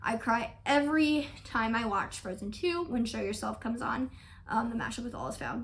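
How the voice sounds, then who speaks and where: A woman's voice: a little high, expressive, normal speed, fairly bright tone, a little hiss or hum. A young woman vlogging in a chatty, rambling, effusive way as she talks through her plans to camera. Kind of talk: casual chat to camera.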